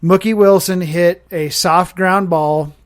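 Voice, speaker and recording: High-voiced man telling a rambling story. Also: fairly even intonation, slow, clear, resonant tone. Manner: rambling, self-correcting storyteller. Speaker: podcast guest. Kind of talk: casual storytelling chat.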